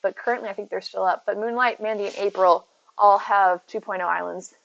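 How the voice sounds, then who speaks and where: A woman's voice: mid-range voice, steady tone, brisk, gravelly, fairly bright tone, dry recording, lo-fi sound. A woman streaming from home, chatting casually, greeting viewers by name and talking to her cat. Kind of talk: casual live-stream chat. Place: at home near her bed.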